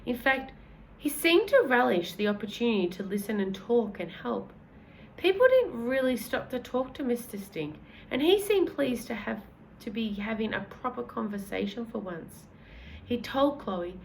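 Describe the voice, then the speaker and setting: A woman's voice: mid-range voice, a little slow, slight background noise, poor audio. A woman reading a children's book aloud in a casual way, correcting her own slips as she goes. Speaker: reader.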